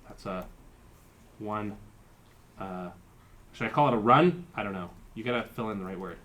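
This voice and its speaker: A man's voice: fairly low pitch, moderate pace, fairly bright tone, a little hiss or hum. A man giving a university lecture, explaining terms step by step and thinking aloud with fillers. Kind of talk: live-coded lecture.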